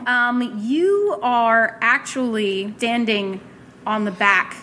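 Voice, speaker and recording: A woman running a tabletop game as a podcast host, narrating in a loose, giggly, rambling way. Her voice sits somewhat high for a woman, with a quiet hum of ambience behind it. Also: slow pace. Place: gaming convention.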